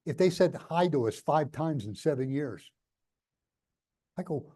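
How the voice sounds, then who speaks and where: Older new york guy, blunt and jokey, rambles through stories, kinda high voice, mellow tone. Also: animated, a little slow. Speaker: guest speaker. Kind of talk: conversational interview on stage.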